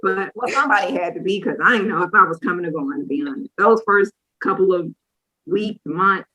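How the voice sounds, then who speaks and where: A woman, co-hosting a casual chat and telling a lively personal story, acting out what people said. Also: medium pitch, a little fast, breathy edge, low-quality recording. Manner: lively storyteller who acts out quotes. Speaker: co-host sharing a personal story.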